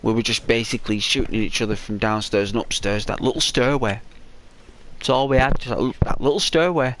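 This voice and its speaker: A man telling a gaming story in rambling, unhurried commentary with many restarts. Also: mid-range voice, fairly even intonation, a little hiss or hum.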